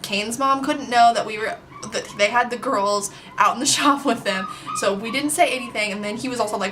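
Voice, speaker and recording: A young adult woman telling a story on her vlog, chatty and animated, with plenty of filler words. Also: on the high side, a little fast, background noise. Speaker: vlogger. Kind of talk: casual storytime.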